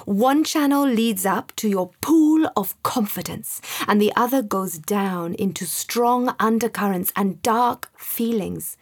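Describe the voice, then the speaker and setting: A woman voicing a calm, wise storybook guide. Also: mid-range voice, slightly rough. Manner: slow, calm, coaxing. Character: calm wise male guide, gently encouraging.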